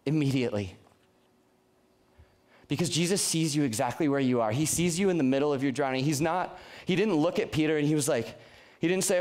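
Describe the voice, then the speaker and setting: A man's voice: on the high side, fairly quick, darkish tone. A young man preaching a youth sermon in an earnest, conversational way, often restarting his sentences. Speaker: youth pastor.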